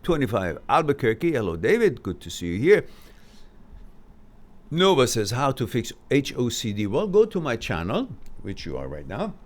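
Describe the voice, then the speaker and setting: Animated male live stream host. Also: mid-range voice, normal speed. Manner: animated storyteller, swinging between loud emphasis and quiet asides. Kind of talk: casual talk to a live stream audience.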